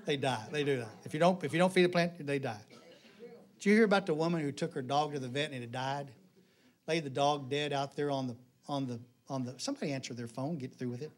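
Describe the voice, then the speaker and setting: Joking high-voiced preacher man. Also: quick pace. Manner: folksy, joking, animated storytelling. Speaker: pastor. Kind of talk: sermon with jokes.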